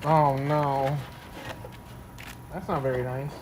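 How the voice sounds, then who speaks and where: A man's voice: medium pitch, fairly even intonation, takes it slowly, background noise. A young man streaming while opening card packs, joking playfully with friends. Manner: playful, self-mocking, laughs often. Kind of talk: casual banter on a livestream. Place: indoor room with buzzing lights. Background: faint light buzz.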